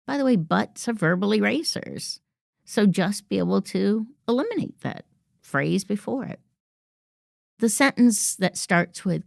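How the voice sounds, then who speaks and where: A woman's voice: mid-range voice, big pitch swings, moderate pace, vocal fry, no room sound, studio quality. A woman hosting a workplace podcast, coaching listeners in an assertive manner and acting out example phrases. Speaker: podcast host. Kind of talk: instructive podcast monologue.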